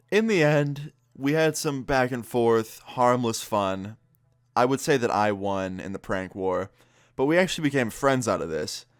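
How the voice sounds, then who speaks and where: A man's voice: fairly low pitch, clean tone, no echo, studio quality. A young man recounting a prank story in a casual vlog, laid-back, swearing freely and laughing as he goes. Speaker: YouTuber.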